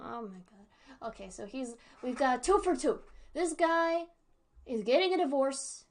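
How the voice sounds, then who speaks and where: A woman with a fairly high voice chats through a live reaction stream, rambling and digressive. She laughs often as she goes. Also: expressive, measured pace. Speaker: streamer reacting to a horror series. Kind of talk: casual live-stream commentary.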